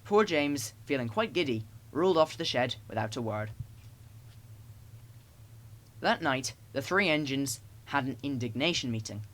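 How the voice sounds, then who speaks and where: A man narrating children's stories as an audiobook, in an expressive storytelling way. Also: mid-range voice, normal speed, pauses often.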